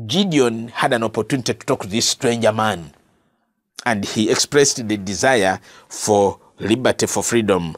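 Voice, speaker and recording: A man's voice: mid-range voice, no echo, clean studio sound. A man with a Ugandan accent teaching a Bible lesson as a sermon, earnest and repeating key phrases for emphasis. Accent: Ugandan English. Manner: addresses listeners as brother and sister. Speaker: preacher.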